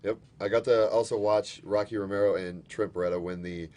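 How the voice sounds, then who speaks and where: A man's voice: lowish voice, fairly even intonation, a little fast, darkish tone. A man appearing as a guest on a live stream, talking in a laid-back, dry way and teasing the host. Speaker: guest, pro wrestler. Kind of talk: casual interview chat.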